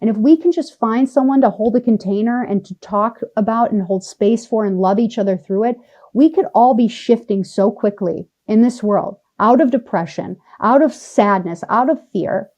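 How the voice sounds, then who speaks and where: A woman, a podcast guest, tells a personal story in animated, emphatic conversation and slows down or speeds up for effect. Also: on the high side.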